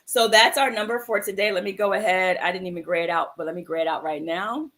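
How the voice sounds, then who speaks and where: A woman's voice: fairly low pitch, steady tone, fast talker, fairly bright tone. Affectionate woman hosting a livestream. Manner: affectionate, encouraging, calls viewers "my love" and "sis". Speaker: host of a livestream mindfulness show. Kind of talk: casual livestream chat.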